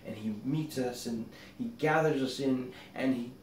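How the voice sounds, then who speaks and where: Rabbi telling a parable in an echoey room. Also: male voice, medium pitch, moderate pace. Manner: gentle storytelling with a parable. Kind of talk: spoken meditation teaching. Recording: roomy echo, distant mic, faint noise.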